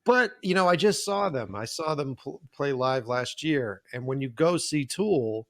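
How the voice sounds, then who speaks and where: A man's voice: medium pitch, measured pace, no room sound, clean studio sound. A man, a film director, telling stories on a podcast in a casual chat, acting out quotes and swearing freely. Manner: animated storyteller, acts out quotes, swears freely.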